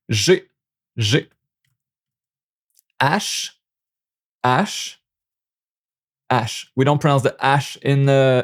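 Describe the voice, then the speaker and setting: Speaking in a mid-range voice, a young language teacher from Quebec gives a casual pronunciation lesson. He's a native French speaker with a Québécois accent and goes over every sound again and again.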